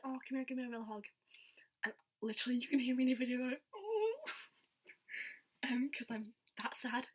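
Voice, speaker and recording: A young woman vlogger telling a story in casual chat, giggly and saying "like" a lot. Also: medium pitch. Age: young adult. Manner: chatty, giggly, says "like" a lot.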